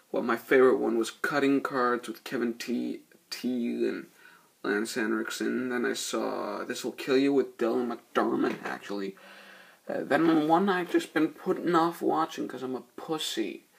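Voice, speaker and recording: A man's voice: mid-range voice, unhurried, vocal fry, breathy edge. A man giving a rambling, profane, laid-back spoken movie review. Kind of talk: casual spoken film review.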